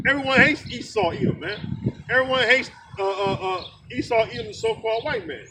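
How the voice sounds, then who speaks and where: A man with a very high voice preaches outdoors with fiery, profane heat. He leans on "man" and "all right" to drive his points home. The recording is distant, with clear traffic and bird noise in the rain. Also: animated, brisk. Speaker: street preacher.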